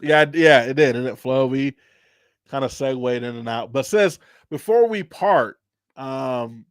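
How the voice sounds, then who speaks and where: A man's voice: mid-range voice, measured pace, clean tone, no echo, clean studio sound. A man hosting an unscripted livestream chat, rambling loosely and laughing often. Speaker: host.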